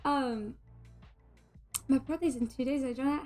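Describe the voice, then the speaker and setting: A woman's voice: sits high, brisk, pauses often, soft background music. A woman streamer in casual, bubbly chat, greeting and thanking her viewers by name.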